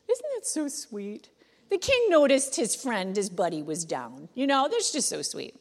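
A woman pastor preaching a conversational sermon that turns animated when she acts out quotes. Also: mid-range voice, moderate pace, in a large hall.

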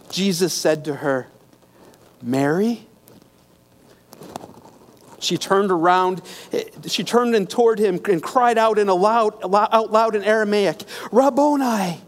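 High-voiced man preaching a sermon. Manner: storytelling retelling of scripture with pauses, restarts and hushed quiet passages.

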